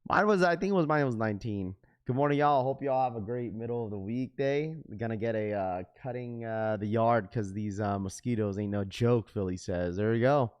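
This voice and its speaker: A man's voice: lowish voice, brisk, hardly any pauses. A man hosting a sneaker livestream, talking casually to chat in heavy slang. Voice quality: slangy, says "bro" often.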